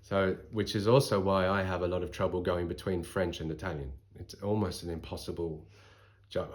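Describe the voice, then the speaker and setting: A man in his forties with a softened Australian accent, giving thoughtful, articulate interview answers. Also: sits low. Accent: Australian, softened by voice training. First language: English. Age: 40s. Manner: thoughtful, articulate, lively with restarts.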